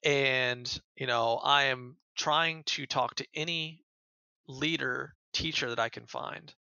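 A man's voice: mid-range voice, slow pace, creaky, sharp tone, clean tone, dry recording, muffled recording. An American man who is a podcast guest, earnestly retelling events in a casual interview and often repeating words as he goes. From United States.

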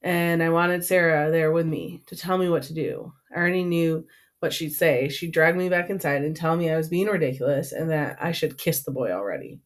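A woman's voice: sits low, fairly quick. A woman narrating an audiobook in first person with an earnest, emotional delivery.

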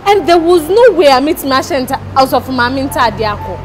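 A woman's voice: high-pitched, sing-song, fairly quick, soft background music. An actress playing a defensive woman explaining herself in Ghanaian English. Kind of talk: Ghanaian film acting.

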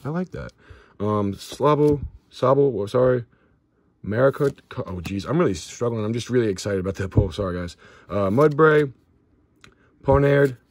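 A man's voice: medium pitch, moderate pace, dry recording. A young man hosting a card-opening video, casually listing cards as he goes and stumbling over some names. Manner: excitable, shouts and whoops at big pulls. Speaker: pack-opening channel host.

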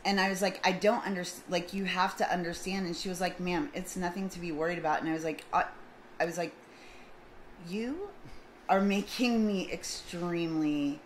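A middle-aged woman with a somewhat low voice tells a story in a casual vlog. She acts out each side of the exchange with lively turns. Faint noise hums behind her. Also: fast talker, rough recording. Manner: animated, acts out both sides of a dialogue. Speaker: vlogger.

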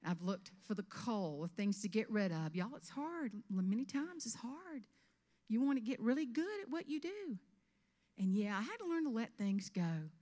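A woman in her fifties from South Carolina with a Southern US accent, giving a humorous keynote speech on stage with animated storytelling. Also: a little high, normal speed, long reverb tail. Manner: animated storytelling with character voices. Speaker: motivational speaker. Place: event stage before an audience.

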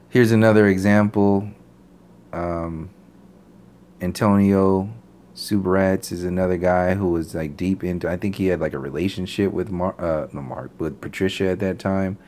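A man with a low, darkish voice rants unscripted to his channel, blunt and profane. He stumbles over fillers and restarts as he talks off the cuff.

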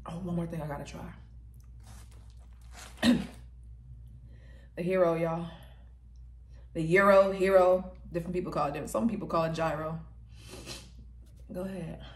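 A woman's voice: on the low side, fairly even intonation, moderate pace, long pauses, a little mellow, slight background noise. Chatty woman reviewing food in an echoey room. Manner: chatty, talks between bites and hums while tasting. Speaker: vlogger. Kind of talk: casual mukbang food review. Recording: roomy echo.

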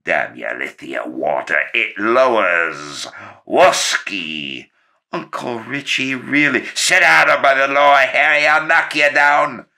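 An actor playing a blustering bedridden old uncle who bellows orders in a loud bullying voice. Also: male voice, low voice, sing-song, takes it slowly, creaky, full character voice.

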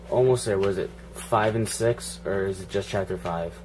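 A man's voice: low voice, slight background noise. A man giving casual, profane running commentary while playing a video game, grumbling and joking at it. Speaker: gaming channel host.

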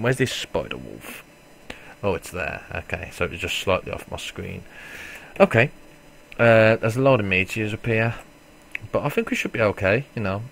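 Sitting low with vocal fry, a man narrates a casual let's play, swearing and ribbing himself. He blurts out loud reactions and then mutters. There's a bit of background noise.

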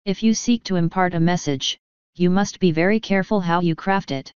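A woman voicing a wise, regal female pony princess who speaks in a measured, formal, gentle way. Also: lowish voice, clean tone, dry recording, dull audio, close to an everyday voice. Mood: calm.

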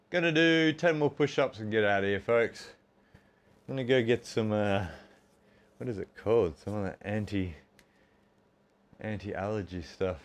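Aussie guy in his 40s, chatty and jokey while doing pushups, smooth clear voice, takes his time. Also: fairly low pitch, a little slow, long pauses. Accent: Australian. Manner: chatty, self-mocking, keeps calling the audience folks. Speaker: fitness streamer. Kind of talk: casual chat while working out.

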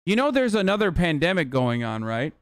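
A man's voice: on the high side, very animated, a little fast, dry recording. A man in his thirties from the United States, commenting on a live stream and ranting at his chat in a profane, exasperated way. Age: 30s. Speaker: streamer reacting to a video.

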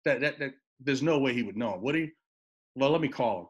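A middle-aged man tells a recruiting story as a guest coach on a talk. He acts out both sides of phone calls and often stumbles over repeated words, at an ordinary mid pitch. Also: brisk, breathy edge. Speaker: guest college assistant basketball coach.

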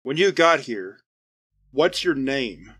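A man's voice: mid-range voice, expressive, slow pace, fairly bright tone, breathy edge, heavily acted. A man voicing a nervous field doctor who speaks hesitantly.

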